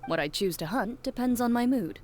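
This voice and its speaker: A woman voicing a calm, composed young huntress in a video game, speaking tersely and with dry formality. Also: a little high, a little fast, noisy background, close to an everyday voice. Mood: cool.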